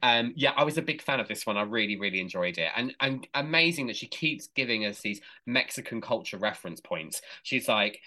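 A man co-hosting a podcast in casual chat, animated and gushing, laughing often. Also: medium pitch, a little fast, few pauses. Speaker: podcast co-host.

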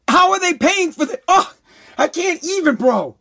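A man ranting heatedly in a commentary, swearing, repeating himself and breaking into shouts. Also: very high voice, lively intonation, moderate pace, creaky. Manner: heated, profane, repetitive, bursts into shouting.

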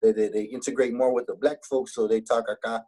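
A young man from Laredo talks in a relaxed, husky voice with a Texas border Mexican-American accent. He speaks as a rapper being interviewed, sliding between English and Spanish. His pitch sits in an ordinary middle range. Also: fairly quick, low-quality recording. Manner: laid-back, switches between English and Spanish. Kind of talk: casual interview chat.

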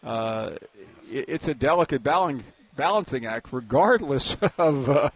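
A man's voice: mid-range voice, animated, a little slow, husky. A man interviewing a guest in a casual sports conversation, asking questions in an inquisitive tone.

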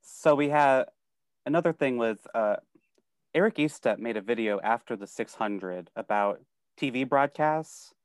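A man co-hosting a casual podcast who rants in a lively, rising and falling voice. He leans on "like" constantly as he goes. The recording is dry, with no room echo. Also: medium pitch, a little slow, clear, resonant tone. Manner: animated, frustrated ranting with frequent "like". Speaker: podcast co-host. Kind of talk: casual chat.

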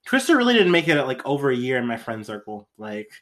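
A young male podcast co-host with a lively, swooping voice that rises and falls constantly. He rambles through loose comedic chat, leaning on "like" and cursing freely. The delivery is offhand and unscripted. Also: mid-range voice, quick pace. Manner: animated, rambling, heavy use of "like", swears freely.

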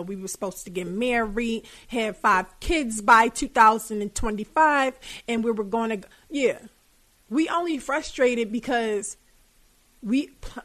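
Young woman, podcast host, higher pitch, candid, swearing, casual monologue. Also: a bit bright. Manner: candid and profane, colloquial.

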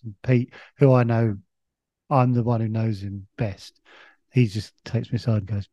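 A man's voice: mid-range voice, steady tone, fairly quick, dark tone, no room sound, highs cut off. A man, a comedian guest on a podcast, telling a long stop-start anecdote with plenty of swearing and restarts.

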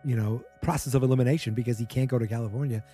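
A man's voice: medium pitch, steady tone, rapid-fire, dark tone, faint music behind. A man casually recapping a TV episode, rambling with many fillers and acting out what the characters say.

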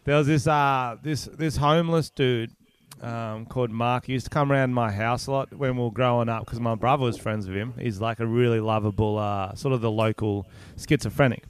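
A man's voice: medium pitch, a little fast, clean tone. A man hosting a casual podcast, telling laid-back stories and laughing often, from Australia. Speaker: podcast host. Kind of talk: casual chat.

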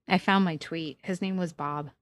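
Low-voiced woman, dry close sound. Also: fairly even intonation, measured pace, dry recording. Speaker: podcast co-host. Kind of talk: casual chat.

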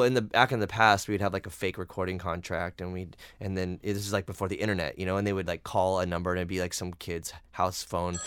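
A middle-aged male podcast co-host with a smooth, low voice. He tells stories in animated casual chat, full of fillers, and the sound is dry and close. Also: no room sound. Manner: animated storyteller, many fillers.

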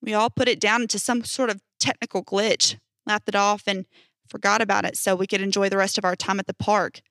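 Bright-voiced woman reading stories. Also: medium pitch, little pitch movement, a little fast, dry recording. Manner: casual storytelling with emphatic swearing. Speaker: narrator reading posts.

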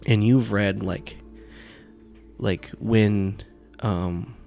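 A man narrating as game master in a rather low voice, describing scenes in a loose, rambling way full of "like" and restarts. Music plays clearly in the background. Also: steady tone, drawn-out words, darkish tone.

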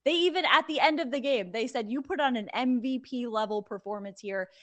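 A young woman from Connecticut with no regional accent, co-hosting a casual sports betting chat in an animated, opinionated way. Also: on the high side, brisk. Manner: animated, opinionated, chatty with fillers. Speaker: sports betting podcast co-host.

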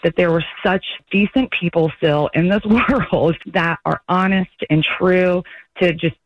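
A woman caller telling an emotional story on a morning radio show, animated and earnest. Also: on the low side, unhurried, muffled recording, noisy background. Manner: earnest, animated, voices others in quotes.

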